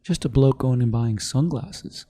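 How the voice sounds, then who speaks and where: A middle-aged man, a company founder, telling his story in a podcast interview, animated and quick to act out what others said. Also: medium pitch. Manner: animated storyteller, acts out quoted voices.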